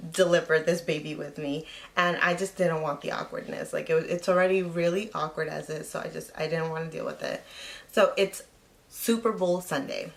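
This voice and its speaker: Young woman, lowish voice, casual storytime vlog, chatty, lots of fillers. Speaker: vlogger.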